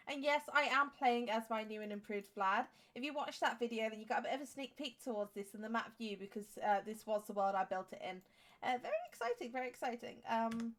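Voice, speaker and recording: A woman in her twenties with an English accent, giving rambling, chatty commentary over a game with many fillers and restarts. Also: on the high side. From England. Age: 20s. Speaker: game streamer. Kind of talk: casual gameplay commentary.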